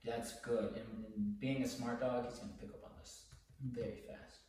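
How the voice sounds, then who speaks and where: A man working as a dog trainer, explaining his methods casually during a session and breaking into high, excited praise for the dog. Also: moderate pace, distant mic. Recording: echoey room, voice from off the mic.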